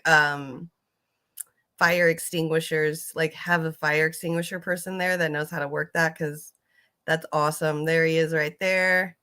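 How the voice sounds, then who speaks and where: A woman with a bright, slightly low voice talks through videos in a casual reaction commentary. She rambles and fills her sentences with ums and likes, and swears casually.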